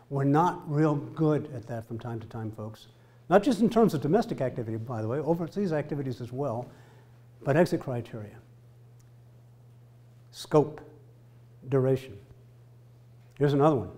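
Lively man lecturing, mellow voice. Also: medium pitch, normal speed, long pauses. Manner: lively, joking, emphatic; asks listeners rhetorical questions. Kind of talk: lecture to military students.

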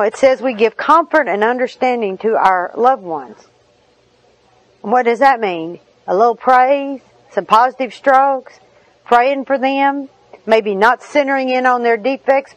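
A woman's voice: fairly high pitch, no echo, muffled recording. A middle-aged woman, giving a personal recovery talk in a humorous, chatty storytelling manner with asides. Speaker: recovery meeting speaker.

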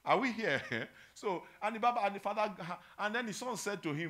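A man leads a Bible study as pastor, his voice pitched a little high and ringing with a sharp brightness. His delivery leaps around in pitch as he quizzes and teases the congregation, then drops into quiet, earnest reflection. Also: brisk. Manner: animated, humorous, draws the congregation in with call-and-response; swings between loud emphasis and quiet, earnest reflection.

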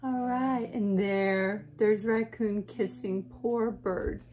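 A teacher reading a picture book aloud to children, gentle and soothing with whispery asides. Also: female voice, mid-range voice, fairly even intonation, takes it slowly, a little hiss or hum.

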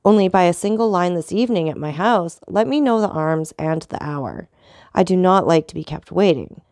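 Cold proud count, calm, measured, ironic, dry close sound, woman reading. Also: on the low side, no echo. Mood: cool, disdainful.

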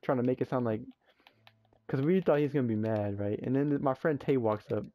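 A man's voice: medium pitch, a little fast, no room sound. Young man, lo-fi slangy gamer host. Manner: animated, slangy, swears freely. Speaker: let's play host. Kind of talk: casual gameplay chat and storytelling. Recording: muffled lo-fi audio.

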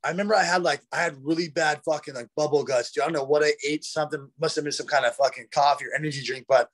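A man's voice: fairly high pitch, steady tone, very fast. A man as a podcast guest, telling stories in a rambling, profane way, full of "bro" and "dude". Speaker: guest, retired fighter. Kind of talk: casual storytelling. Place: podcast conversation.

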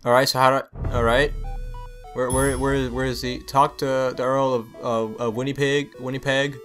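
Over faint music, a man with a medium-pitched, fairly bright voice comments on a video game playthrough at a moderate pace with little pitch movement. The gameplay channel host rambles casually, repeats himself and yelps when something startles him.

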